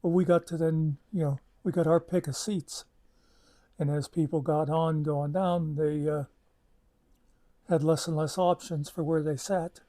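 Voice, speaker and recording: Brief: male storyteller, rambling and chatty, slightly higher pitch. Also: fairly even intonation, measured pace, mellow. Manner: rambling, chatty, with many asides and fillers. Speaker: channel host. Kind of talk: casual storytelling.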